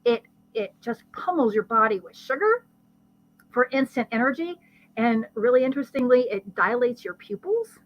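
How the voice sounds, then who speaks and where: A woman, a guest expert, explaining brain science in conversation with a lively teaching manner and vivid everyday examples. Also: fairly high pitch, moderate pace, highs cut off. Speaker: guest expert on ADHD and learning.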